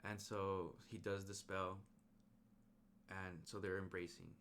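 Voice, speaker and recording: Casual male movie reviewer, very low voice, chatty rambling recap, slangy delivery. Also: a little slow, slight background noise. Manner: rambling, animated retelling with slang and restarts.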